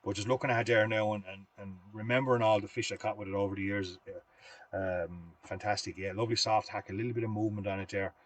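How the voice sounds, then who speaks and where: Irish man, middle-aged, fly-tying teacher; rattles along quickly in a lowish voice, rambling yarns, close and dry. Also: fairly even intonation, dry recording. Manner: rambling storyteller, chatty and folksy. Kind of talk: live fly-tying demonstration with anecdotes.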